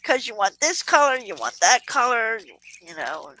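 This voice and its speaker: A woman's voice: fairly high pitch, big pitch swings, normal speed, sharp tone, rough recording. A woman with a Southern US accent hosting a casual crafting livestream, chatting and greeting viewers in the chat. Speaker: livestream host.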